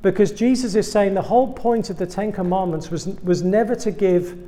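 An English man preaching to a room of students, slipping self-deprecating jokes between his points. His voice sits a bit high for a man but sounds mellow and warm rather than bright. He keeps a wry, conversational sermon tone throughout. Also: brisk. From England. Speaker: guest preacher.

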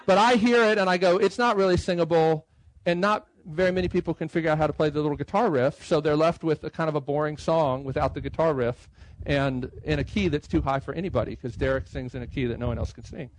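A middle-aged man speaking at a conference about writing hymn tunes, talking in a conversational way and slowly reading lines out loud. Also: a little high, no room sound, rough recording. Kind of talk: conference talk. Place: conference room.

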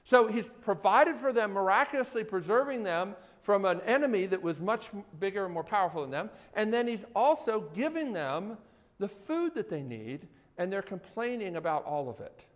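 A man preaches with a high, very expressive voice whose pitch leaps around. He talks to his listeners conversationally and keeps throwing questions at them. His voice rings out in a hall with a long reverb. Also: normal speed. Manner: animated, conversational, asks the audience questions. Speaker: pastor. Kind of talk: sermon.

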